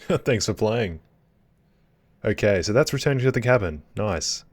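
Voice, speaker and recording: A gaming YouTuber giving upbeat, joking let's play commentary on a horror game. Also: male voice, fairly low pitch, lively intonation, slow, pauses often, noisy background.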